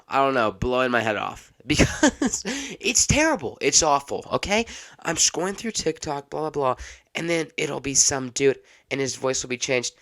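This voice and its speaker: A man's voice: mid-range voice, a bit bright. A man hosting a solo podcast, talking in a rambling, exasperated way. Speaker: podcast host.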